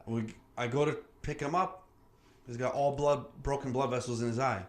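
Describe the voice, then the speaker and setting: A man hosting a podcast, telling stories in a casual, animated chat, cursing freely and acting out what others said. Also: mid-range voice, normal speed. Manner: animated storyteller, swears freely, acts out quoted voices. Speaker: podcast host. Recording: roomy sound with faint background noise.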